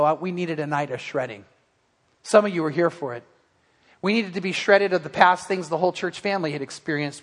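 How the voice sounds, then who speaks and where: A man with a high voice preaches a sermon in a church sanctuary. He tells his story earnestly, often restarting his sentences, and his voice rings with a long hall reverb. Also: a bit bright. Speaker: pastor.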